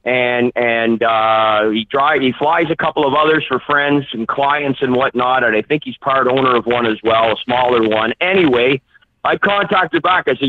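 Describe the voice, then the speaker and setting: A man's voice: medium pitch, normal speed. A man, a phone-in guest telling a long anecdote animatedly and acting out the voices he quotes. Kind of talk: anecdotal storytelling. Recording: tinny phone line.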